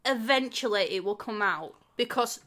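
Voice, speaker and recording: Woman co-host, bright tone, quick to laugh, dry wit. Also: fairly high pitch, expressive. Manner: giggly, wry. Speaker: co-host, streamer's wife. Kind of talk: casual chat.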